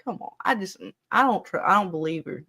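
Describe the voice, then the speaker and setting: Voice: medium pitch, expressive, brisk, sharp tone, breathy edge. A show co-host in a casual live episode discussion who talks bluntly, swears often and rambles between points.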